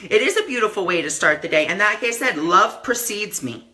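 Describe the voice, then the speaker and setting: A man's voice: high-pitched, expressive, brisk, sharp tone. A man giving a casual live-stream talk as a spiritual teacher, earnest and repeating affirmations, with many "you know" fillers.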